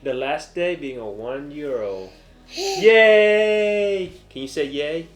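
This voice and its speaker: Chill dad talking on a family vlog, soft and patient with his kid. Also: on the high side, lively intonation, takes it slowly, faint music behind. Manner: gentle, coaxing his toddler to count. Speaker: father and vlog host. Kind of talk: casual family vlog talk.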